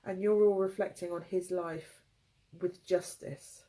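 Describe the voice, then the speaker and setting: A tearful woman reads tarot cards for her viewers. Her voice is mellow and warm, and she talks in soft, halting phrases that break off and restart as she feels her way through the reading. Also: fairly low pitch, fairly even intonation, rough recording. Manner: halting, emotional, gentle phrasing. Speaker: tarot reader.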